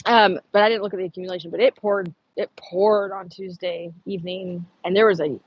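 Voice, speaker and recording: A woman's voice: fairly low pitch, fairly even intonation, fairly quick, breathy edge, dry recording, dull audio. A woman chatting casually on an outdoor livestream, rambling and answering viewer comments. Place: outdoors on a humid morning.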